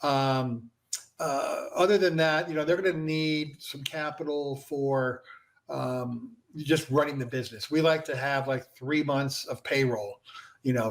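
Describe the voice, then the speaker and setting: A man, a franchise founder and guest, explaining his business in a casual interview and filling pauses with "you know". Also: medium pitch. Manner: conversational, filler-heavy with frequent "you know".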